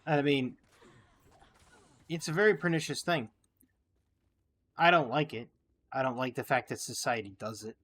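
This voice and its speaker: A man's voice: mid-range voice, steady tone, moderate pace, long pauses, fairly bright tone. A man hosting a gameplay video, musing at length in a reflective, opinionated, rambling way. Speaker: gaming channel host. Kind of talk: casual gameplay commentary with musings.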